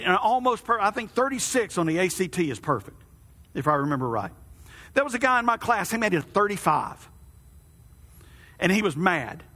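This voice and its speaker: A man's voice: very high voice, sharp tone. A man preaching a sermon as pastor, folksy and conversational, asking his congregation questions. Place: church hall. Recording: long reverb of a church hall.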